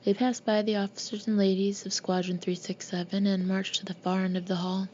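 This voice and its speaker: A woman narrating an audiobook in a steady, even reading voice. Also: medium pitch, fairly quick. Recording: dull lo-fi recording with faint hiss.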